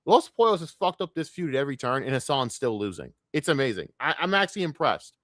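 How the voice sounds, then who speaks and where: A man ranting on a live stream in a profane, combative, mocking way. His voice is bright and forceful, and it sounds close and dry with no room echo. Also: medium pitch, very animated, quick pace. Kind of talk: casual live-stream rant.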